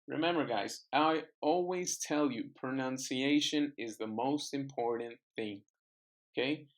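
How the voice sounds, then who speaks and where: A man's voice: mid-range voice, a little slow. A man teaching an English class, patiently repeating words and phrases for his students to echo. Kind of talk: online classroom lesson.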